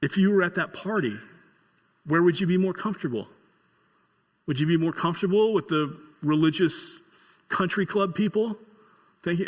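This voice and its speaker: A male pastor preaching a sermon with folksy humor and storytelling, building to excited emphasis. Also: high-pitched, normal speed, pauses often, big-room sound.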